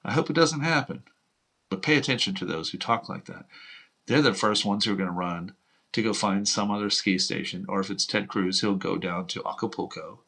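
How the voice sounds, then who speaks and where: A man's voice: fairly low pitch, a little fast, gravelly, bright, forceful tone, breathy edge. A man from Houston hosting political commentary, talking in a blunt, profane, heated rant. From United States (Houston). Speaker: host.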